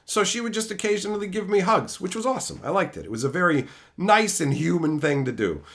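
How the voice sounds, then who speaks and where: A man's voice: high voice, fast. A man telling brash, profane stories in a casual stream chat. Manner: profane, brash, animated storytelling.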